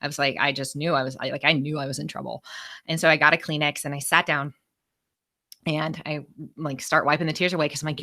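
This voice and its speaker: An expressive woman speaker telling a story to a room of listeners. Her voice sits low but has a bright, forceful edge. She talks with lively, animated energy. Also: a little fast. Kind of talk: storytelling talk to a live group.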